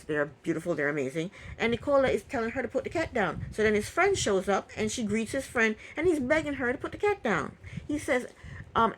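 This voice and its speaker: A woman recapping a reality TV episode in casual talk, opinionated and indignant, with quick asides. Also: fairly high pitch, a bit bright, a little hiss or hum, rough recording.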